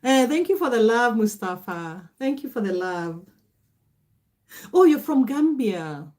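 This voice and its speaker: A woman's voice: fairly high pitch, big pitch swings, a little slow, a little mellow. A middle-aged woman with a Kenyan accent, hosting a casual livestream and reading out viewer comments, greeting people by name. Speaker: livestream host.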